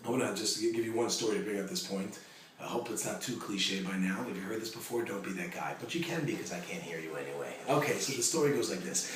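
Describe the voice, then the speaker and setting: A male rabbi giving a Torah lesson, telling stories in a lively way with joking asides. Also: lowish voice, quick pace. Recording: echoey room, mic far off, faint noise.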